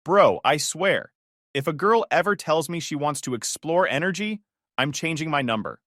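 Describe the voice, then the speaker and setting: A man's voice: a little high, animated, normal speed, a bit bright, no echo, studio quality, voice pushed up. A man voicing a joking adult male friend with an emphatic delivery.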